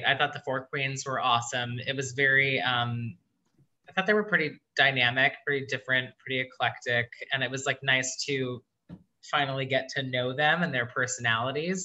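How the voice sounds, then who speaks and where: Bright-toned upbeat male co-host. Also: mid-range voice, normal speed, dull audio. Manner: upbeat, many "like" fillers. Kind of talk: casual chat.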